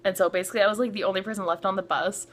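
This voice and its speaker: A young woman from Canada telling a storytime vlog, excitable and full of filler "like"s, acting out what people said. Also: mid-range voice, racing. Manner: excitable, many filler "like"s, acts out quotes. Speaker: vlogger.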